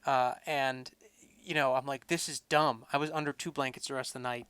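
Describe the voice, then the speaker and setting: A male podcast co-host with a medium-pitched, clean-toned voice keeps a brisk pace. He's laid-back in casual conversation, wandering from point to point and using many fillers.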